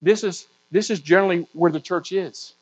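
Male pastor, high-pitched, emphatic sermon delivery, muffled lo-fi sound. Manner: emphatic, slows down on key words and builds to raised peaks.

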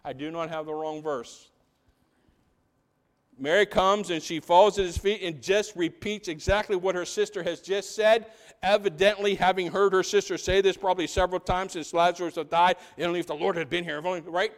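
High-voiced pastor preaching animatedly. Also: male voice, brisk. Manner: animated, rhetorical questions, drops to quiet asides. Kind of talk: sermon.

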